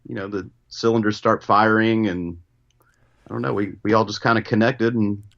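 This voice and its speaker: A man calling in as a guest musician, talking in a relaxed, easygoing way with a lot of hedging. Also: on the low side, moderate pace, gravelly. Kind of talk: casual interview chat. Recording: dull phone-line call.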